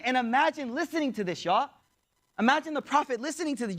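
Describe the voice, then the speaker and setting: High-voiced man telling a story animatedly. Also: quick pace. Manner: animated, addresses audience directly, acts out voices. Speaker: Islamic teacher. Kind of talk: storytelling lecture.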